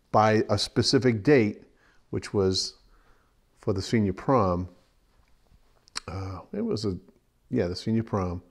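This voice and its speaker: Male interviewee, slow and deliberate, somewhat low voice, hesitant. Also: darkish tone. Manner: hesitant, searching for details. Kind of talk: storytelling interview.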